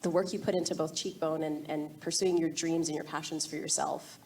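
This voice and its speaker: A woman's voice: low voice, steady tone, a little fast, slight background noise. A young adult woman interviewing a guest onstage, encouraging and addressing the audience directly. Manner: warm, encouraging, speaks to the audience. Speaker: interviewer, event host.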